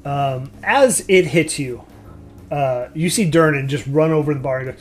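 A man's voice: fairly high pitch, moderate pace, faint music behind. A man running a tabletop game as game master, narrating in a loose, rambling way with frequent restarts.

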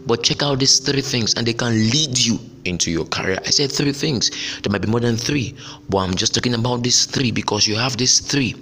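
Bright-toned man giving motivational advice. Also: medium pitch, brisk, long reverb tail, a little hiss or hum. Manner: repetitive, emphatic, preacher-like. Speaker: podcast host. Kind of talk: motivational solo podcast.

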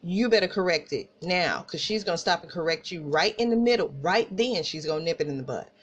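A woman podcast host from Tulsa with an Oklahoma country accent, telling personal stories in a casual, animated way and talking straight to listeners. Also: lowish voice, a little fast, muffled recording. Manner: animated, laughing asides, addresses listeners as y'all.

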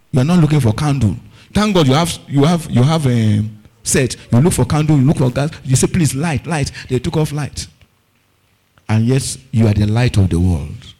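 A man's voice: medium pitch, darkish tone. A man preaching a fervent sermon, often asking the congregation if they are following and repeating key words for emphasis. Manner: call-and-response questioning of the congregation.

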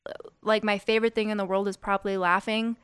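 A woman's voice: mid-range voice, flat delivery, quick pace, fairly bright tone, clear, resonant tone, no echo. A young woman, a singer, chatting casually as a podcast guest, laughing often and filling with "like" and "um".

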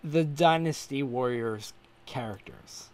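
A man's voice: mid-range voice, slow, crowd noise. A man hosting a casual podcast, laying out the rules of a game in playful, run-on explanations. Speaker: podcast host running a quiz.

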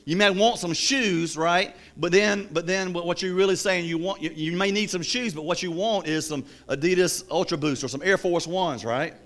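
A male preacher giving a sermon in an animated, storytelling style with jokes. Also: sits high, moderate pace, few pauses.

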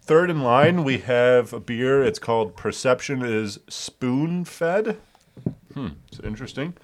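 A man's voice: mid-range voice, animated, measured pace, no echo. A man co-hosting a casual podcast chat with friends, joking, rambling and laughing often. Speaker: podcast co-host.

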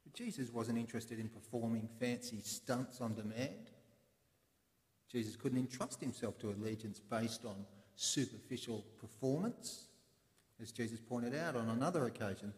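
A man preaching a sermon in a church, explaining in a conversational way with pauses. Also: medium pitch. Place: church in Sydney. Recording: echoey church with long reverb.

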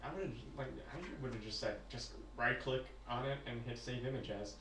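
A man's voice: mid-range voice, steady tone, moderate pace, fairly bright tone, slight background noise. A young man co-hosting a casual podcast chat, joking around, laughing often and using slang. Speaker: podcast co-host. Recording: echoey room, far from mic.

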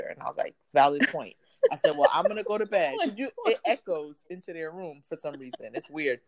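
A woman's voice: low-pitched, fairly quick, crowd noise. A woman in her thirties telling a funny home story in casual chat, laughing and acting out what people said. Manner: animated, laughing, acts out quotes.

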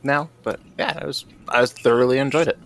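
A man's voice: mid-range voice, steady tone, quick pace, slight background noise. A man co-hosting a casual podcast, incredulous and swearing freely. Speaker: podcast co-host. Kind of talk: casual chat.

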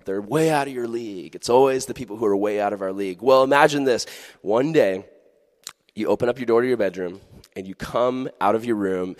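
A man's voice: lowish voice, darkish tone, big-room sound. A man preaching a youth sermon as a pastor, playful and jokey, with sudden earnest drops.

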